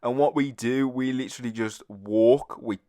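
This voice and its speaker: A teenage man, hosting a storytime video in a rambling, animated, casual way. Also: medium pitch, normal speed, no echo, clean studio sound. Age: teens. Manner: rambling, animated, with frequent fillers. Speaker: storytime channel host.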